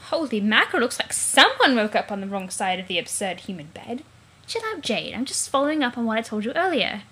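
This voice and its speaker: Bubbly alien sea princess, teen girl, playful and punny, high voice; a woman reads her. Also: very animated, a little fast, pushed and bright, slightly rough, full character voice. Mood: chirpy. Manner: fish puns, cheery, teasing.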